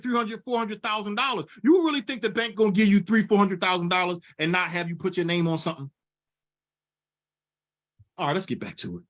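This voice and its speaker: A high-pitched man leads a fired-up funding lesson. He drives each point home by saying it twice and calls out to his audience as y'all. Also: a bit bright. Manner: preachy, repeats lines for emphasis, addresses audience as y'all. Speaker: business funding coach. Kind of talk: fired-up teaching at a whiteboard.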